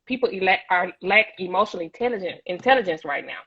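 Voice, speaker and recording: A woman's voice: on the low side, expressive, fast talker, dull audio, crowd noise. A woman on a talk show panel, speaking emphatically and preachily and repeating words as she builds each point. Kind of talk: impassioned discussion.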